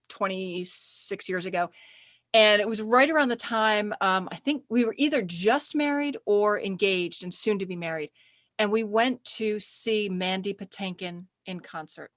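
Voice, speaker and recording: A middle-aged woman chatting as a podcast guest, animated and quick to laugh while telling stories. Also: mid-range voice, no echo, clean studio sound. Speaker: podcast guest, speaker agent. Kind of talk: casual interview chat.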